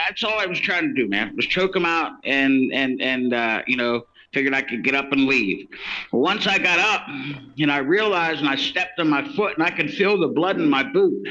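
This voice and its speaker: A man's voice: on the high side, pushed and bright. Rambling man, lo-fi recording. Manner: rambling, many restarts and quoted dialogue. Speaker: interviewee telling his case. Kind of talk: casual storytelling.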